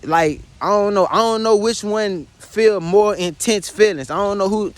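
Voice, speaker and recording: Speaking from his bedroom, a young vlogger tearfully pours out a confessional monologue that is profane and keeps repeating itself; he is distraught and addresses the listener as "son" again and again. His voice sits high, with a clear, resonant tone and a moderate pace.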